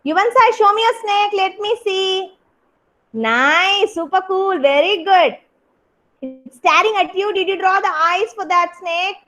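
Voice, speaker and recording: A woman's voice: very high voice, measured pace, sharp tone, poor audio. A young woman with an Indian English accent, teaching a kindergarten craft class over a video call and praising each child by name. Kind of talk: online class instruction.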